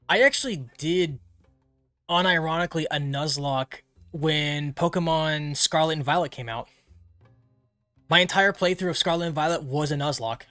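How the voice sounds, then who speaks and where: A man chats his way through a game stream in a rambling, casual way, his voice sitting a bit high. He wanders between thoughts while playing. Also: bright, forceful tone, dry recording. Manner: rambling, many fillers, chatty. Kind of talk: casual gameplay commentary.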